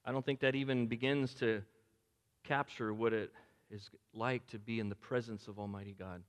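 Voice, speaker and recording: An older man preaching a sermon as pastor, swinging between loud urgent lines and hushed, near-whispered quotes. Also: lowish voice, steady tone, moderate pace. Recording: long hall reverb.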